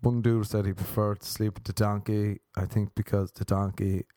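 Man, comedian, rambling crude monologue, self-mocking, lowish voice, dry close sound. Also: little pitch movement, moderate pace, mellow, no room sound. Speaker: comedian podcast host.

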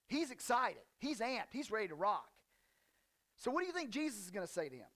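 A male pastor preaching a casual, conversational sermon, folksy and joking with slang asides, and reading scripture with animated emphasis. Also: high voice, a little fast, pauses often.

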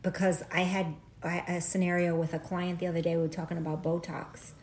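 A woman co-hosting a casual chat, telling a client's story with lively acted-out quotes. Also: lowish voice, brisk, a little hiss or hum. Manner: animated storyteller, acts out quoted voices.

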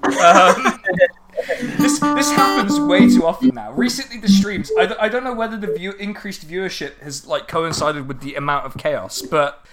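A man's voice: high voice, normal speed, over loud music. A man hosting his game stream in casual, joking chat, swearing freely and restarting sentences. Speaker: streamer host.

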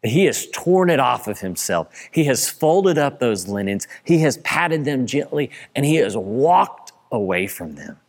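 A man preaching a sermon in a church, building to excited passages and then dropping low and quiet. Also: a little slow, few pauses. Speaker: pastor.

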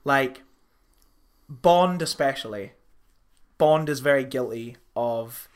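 A young man co-hosting a podcast, chatting casually, animated, swearing freely and laughing often. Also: medium pitch, slow pace, long pauses, clear, resonant tone. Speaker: podcast co-host. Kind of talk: casual chat.

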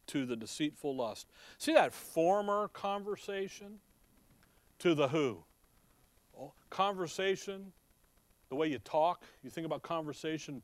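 A man's voice: fairly high pitch, fairly bright tone, no echo. Man preaching with a slight Chicago accent. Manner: conversational, rhetorical questions, reads verses aloud. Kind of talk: Bible teaching sermon.

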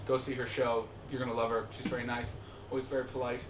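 A man hosting a live comedy podcast in front of an audience, ranting and swearing, swinging from muttered asides to shouting. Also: mid-range voice, little pitch movement, fast, noisy background. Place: live show venue with audience. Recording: echoey live venue.

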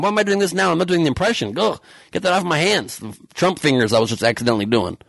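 A man's voice: a little high, animated, quick pace, gravelly, no echo. A man hosting a podcast with a sarcastic, profane, heated comedic political rant. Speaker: podcast host.

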